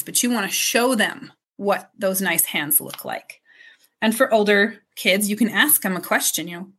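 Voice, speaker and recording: A woman, a child mental health consultant, answering interview questions in a slow, gentle, explaining manner, softly modeling phrases for parents. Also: mid-range voice, slightly rough.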